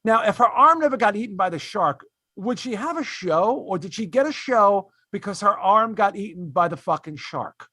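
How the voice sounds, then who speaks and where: A man's voice: high-pitched, lively intonation, normal speed, sharp tone, dry recording, studio quality. A man hosting a casual comedy podcast, ranting in an exasperated way with lots of fillers and restarts. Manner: switches to mocking put-on voices when quoting others. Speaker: podcast host.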